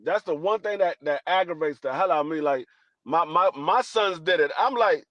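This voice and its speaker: Older male co-host, high voice, lively storyteller, dull dry podcast sound. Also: moderate pace, no echo. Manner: animated storytelling. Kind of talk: casual chat.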